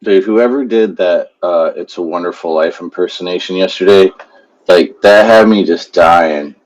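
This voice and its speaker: A man's voice: low-pitched, moderate pace, darkish tone, poor audio. A man hosting a casual live stream, reading aloud loosely and joking as he goes. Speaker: stream host.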